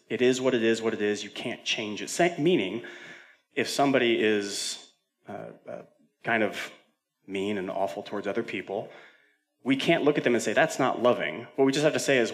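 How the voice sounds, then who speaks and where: A man's voice: fairly low pitch, moderate pace. A male senior pastor preaching a sermon in a conversational way, with frequent fillers and self-corrections.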